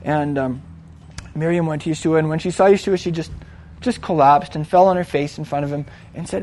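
A man's voice: fairly high pitch, fairly quick, darkish tone, slight background noise. A man casually retelling a Bible story in a conversational way, with lots of fillers and restarts, acting out the quoted lines.

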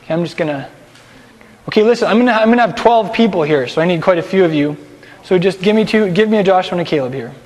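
A man with a high voice teaches a Bible lesson in a casual, lively way. He directs his class and explains scripture. The sound carries a long hall reverb. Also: fast talker. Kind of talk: sermon with a class skit.

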